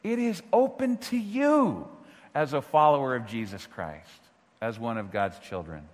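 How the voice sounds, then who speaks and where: A man preaching a sermon as pastor, earnest and full of rhetorical questions, moving from hushed tones to near-shouting. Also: mid-range voice, big pitch swings, unhurried. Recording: long hall reverb.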